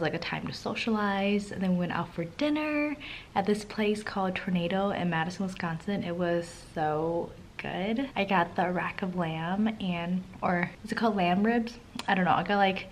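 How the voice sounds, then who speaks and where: A woman's voice: medium pitch, slight background noise. A young adult woman chatting casually to camera at home as a lifestyle vlogger. She sounds upbeat and gushing and keeps dropping "like" into her sentences. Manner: chatty, peppered with "like" fillers. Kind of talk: casual vlog chat to camera.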